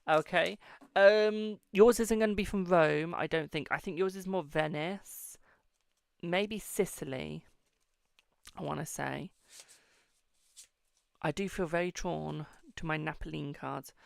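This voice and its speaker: A British man chats through a live-stream tarot reading, calling his viewers darling and boo. His voice sits a little high and has a gravelly edge. The sound is close and dry, with no room around it. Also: takes it slowly, long pauses, no room sound. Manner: chatty, affectionate, calls viewers darling and boo.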